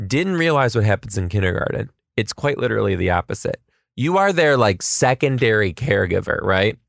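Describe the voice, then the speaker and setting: A man who teaches kindergarten, telling comedic stories about his class with animated, self-mocking asides. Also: fairly low pitch, a little fast, gravelly, no room sound, studio quality. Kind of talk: comedic storytelling vlog.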